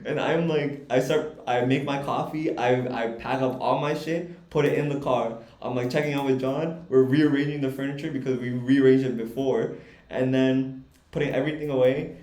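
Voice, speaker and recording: A young man co-hosting a podcast, telling a story in a casual, animated, swearing way and laughing as he goes. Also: mid-range voice, moderate pace. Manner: animated, profane, laughs while telling stories. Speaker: podcast co-host. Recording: echoey room.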